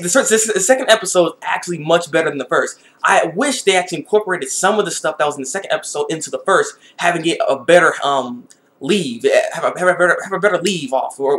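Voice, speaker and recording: In a casual vlog, a man reviews an anime episode, excitable and laughing, often repeating his words. He speaks a little high and fast.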